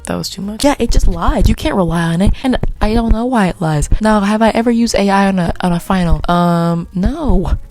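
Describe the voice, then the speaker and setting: A woman's voice: mid-range voice, fairly quick, few pauses, darkish tone, dry recording. A young woman talking casually to her camera in a vlog, giggling often and drifting off on rambling tangents. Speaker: vlogger. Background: faint background music.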